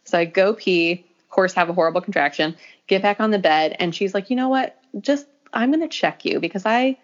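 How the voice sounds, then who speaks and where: A young adult woman telling a personal story in casual conversation, acting out quoted lines and laughing often. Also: brisk. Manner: animated, acts out quoted lines with pitch jumps, laughs often. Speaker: podcast guest telling a birth story. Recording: dull lo-fi audio.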